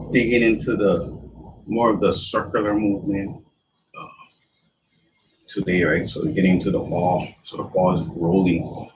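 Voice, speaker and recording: Low, slow-talking man teaching tai chi. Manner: loose, broken phrasing while demonstrating moves. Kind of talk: demonstration lesson. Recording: distant mic with faint background noise.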